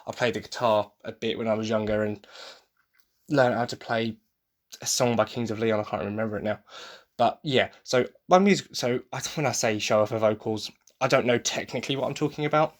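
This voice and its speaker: A man's voice: fairly low pitch, brisk. A tired man with an English accent, gushing in a rambling, enthusiastic way as he hosts a casual solo podcast review. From England. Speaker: podcast host.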